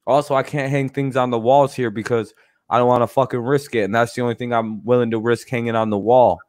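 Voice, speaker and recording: A man's voice: mid-range voice, fairly even intonation, fast, darkish tone, dry recording, clean studio sound. A man hosting a casual livestream, rambling loosely and swearing freely, with frequent laughs. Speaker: streamer host.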